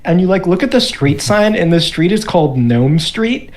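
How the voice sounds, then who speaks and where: A woman's voice: fairly low pitch, lively intonation, normal speed, darkish tone. A woman narrating as game master on a stream, chatty and playful, with frequent "like".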